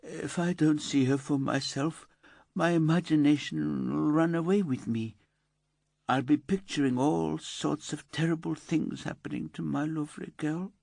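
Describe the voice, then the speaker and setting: A man puts on a heartbroken mother for a crime audiobook. She pleads through tears, her voice lifted high above his own natural register. The recording is dry and close. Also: unhurried, gravelly, slightly rough, no room sound. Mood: anguished pleading. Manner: tearful, pleading. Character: grieving mother, middle-aged woman, distraught.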